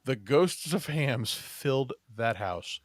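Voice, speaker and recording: A man's voice: mid-range voice, lively intonation, slow, dry recording, studio quality. A man hosting a podcast in casual chat, joking, rambling with fillers and laughing often. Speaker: podcast host.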